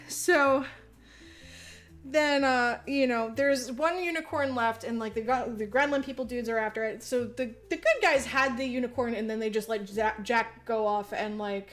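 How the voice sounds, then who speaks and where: A woman co-hosting a podcast, recapping a movie in casual chat, giggling, swearing freely and acting out the characters' lines. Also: a little high. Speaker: podcast co-host.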